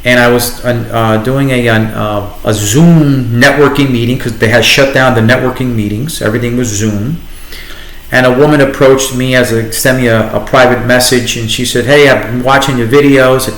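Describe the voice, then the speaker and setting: A middle-aged man with a New York accent, telling his story as a guest in a conversational interview, animated and restarting often. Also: medium pitch, moderate pace. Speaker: guest, entrepreneur and radio host. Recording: echoey room.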